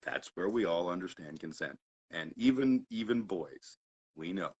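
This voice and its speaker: A man hosting a casual chat, telling a story with lively swings between loud and quiet and frequent laughter. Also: low voice, moderate pace, slightly rough, rough recording. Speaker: podcast host.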